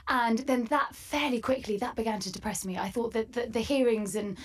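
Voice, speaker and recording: Young Scottish-born actress, crisp English accent, higher voice, lively and quick to laugh. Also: female voice. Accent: crisp southern English with faint Scottish. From Scotland. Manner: lively, laughs often, quick enthusiastic replies. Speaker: actress guest. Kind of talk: interview chat.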